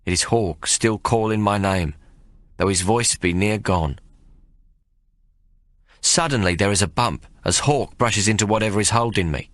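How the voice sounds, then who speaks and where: A man narrating an audiobook in the first person, in a rough working-class storyteller's dialect. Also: lowish voice, a little slow, pauses often, fairly bright tone, no echo, clean studio sound.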